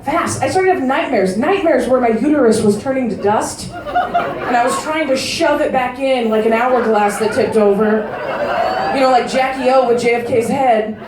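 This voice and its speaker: A woman in her thirties doing a crude stand-up comedy set, delivering brash, deadpan punchlines to a live audience in a large casino showroom. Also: high voice, normal speed, distant mic, heavy background noise. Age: 30s. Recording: roomy live-venue recording from afar.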